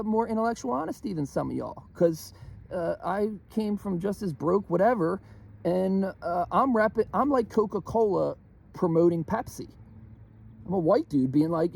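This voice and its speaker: A young man from Philadelphia rants in a loose, profane way, full of ums and restarts. His voice is dark and gravelly, with a husky edge that cracks up high when he gets worked up. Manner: profane, animated, rambling with many fillers. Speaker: vlogger. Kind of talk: casual rant to camera.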